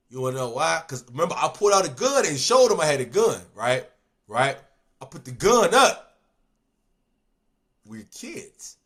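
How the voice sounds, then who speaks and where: A man with a Chicago accent spins a street story in loose, slangy talk. His voice sits high and swoops up and down with lots of energy, and he keeps checking in with the listener. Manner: animated, slangy, repeats "you know what I'm saying".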